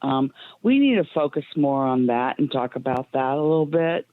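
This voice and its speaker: A woman's voice: very deep voice, animated, moderate pace, dry recording. A woman calling in to a radio talk show, plain-spoken and emotional, with lots of ums. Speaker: caller. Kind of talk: call-in radio chat. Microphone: phone. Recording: tinny phone line.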